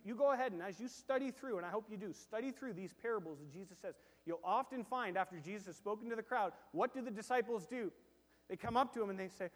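A man with a high voice delivers a sermon from the pulpit, animated and swinging between loud emphasis and quiet, hushed asides. He slips into quoted voices to act out little scenes. The sound carries a long reverb, as from a large church hall. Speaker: pastor.

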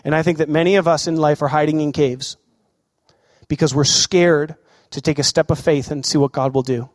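A man preaching a sermon as a pastor, animated and questioning the congregation. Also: a little high, moderate pace, big-room sound.

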